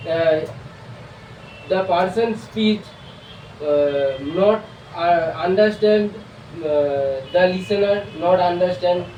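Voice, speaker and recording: His high, mellow voice carries an Indian accent as this student from India works haltingly through a prepared talk, full of "um" sounds and false starts. The echoey room, faint hiss, and distant mic placement mark the recording.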